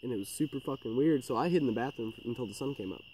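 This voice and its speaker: A man's voice: medium pitch, rapid-fire, a little mellow, slight background noise, rough recording. A man co-hosting a podcast, telling his ghost encounters in a rambling, swearing, filler-heavy way. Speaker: podcast co-host. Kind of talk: casual storytelling chat.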